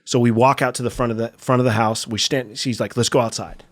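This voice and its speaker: A man's voice: mid-range voice, fairly even intonation, quick pace. A middle-aged man from California, a skate video filmer, telling a story casually in a podcast interview, profane and acting out the voices of the people he quotes.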